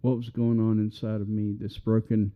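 A man's voice: lowish voice, flat delivery, normal speed, clean tone, phone-quality sound. A middle-aged man preaching a sermon as a pastor, talking in an earnest, conversational way that builds to passionate appeals.

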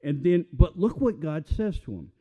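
A man's voice: fairly high pitch, animated, normal speed, dark tone. A man with a Southern US accent, preaching a sermon in a folksy, conversational way with asides. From Mississippi. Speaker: pastor.

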